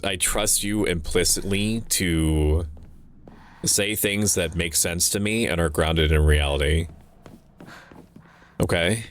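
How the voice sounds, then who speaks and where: A man's voice: low voice, a little hiss or hum. A young man streaming a game, chatting casually in a rambling, joking way, often interrupting himself and swearing now and then. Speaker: VTuber streamer. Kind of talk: casual gameplay commentary.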